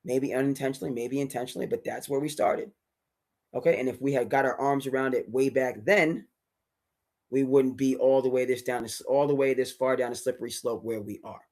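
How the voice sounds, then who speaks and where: A man hosting a solo sports talk livestream, ranting emphatically with sudden loud bursts. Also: mid-range voice, fairly even intonation, a little fast. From New England. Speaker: sports commentary host.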